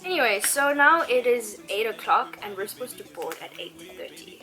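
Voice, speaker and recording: A woman's voice: fairly high pitch, moderate pace, low-quality recording. A woman in her twenties, telling a story vlog-style while getting ready, with plenty of "like" as she chats. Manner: animated storyteller, heavy use of "like". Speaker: vlogger. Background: background music.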